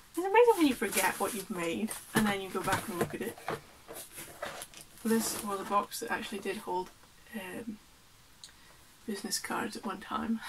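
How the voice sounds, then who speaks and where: A woman's voice: fairly high pitch, background noise. A woman artist chatting casually and rambling as she unpacks her work, laughing often. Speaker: artist vlogger. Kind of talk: casual chat while unpacking.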